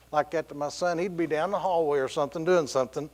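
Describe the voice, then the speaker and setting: A man's voice: on the high side, steady tone, fast, hardly any pauses. A middle-aged man preaching a sermon in a church, telling stories with laughs and quoted voices. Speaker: pastor. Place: church sanctuary.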